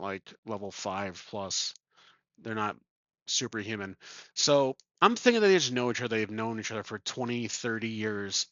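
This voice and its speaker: A man's voice: mid-range voice, a bit bright, no room sound, highs cut off. A man thinking aloud as he plays a solo tabletop game, chuckling and correcting himself as he goes. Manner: rambling, chuckling, self-correcting. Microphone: desk microphone.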